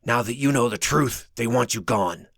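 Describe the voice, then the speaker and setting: A man voicing an angry, protective father, a former soldier who shouts at the people around him. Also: mid-range voice, moderate pace, creaky, dry recording, clean studio sound. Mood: resigned. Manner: furious, shouting.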